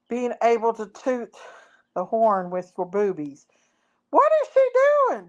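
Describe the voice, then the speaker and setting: Slow chatty woman doing a home livestream, kinda high voice, rambles at her viewers. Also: a little mellow, lo-fi sound. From Tennessee. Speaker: livestream host. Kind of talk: casual livestream chat. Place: farm, outdoors then indoors at home. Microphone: phone or laptop.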